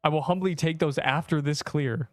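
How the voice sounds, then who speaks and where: A man's voice: on the high side, normal speed, no echo. A young man streaming a game, joking and rambling as he teases the viewers in his chat. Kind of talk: casual gameplay livestream chat.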